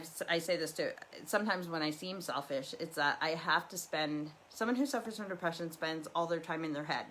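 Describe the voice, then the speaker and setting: Low-voiced middle-aged lady rambling on a home livestream, faint background hum. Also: fairly bright tone, low-quality recording. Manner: rambling, candid, lots of restarts. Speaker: livestream host. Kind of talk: casual personal talk. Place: living room.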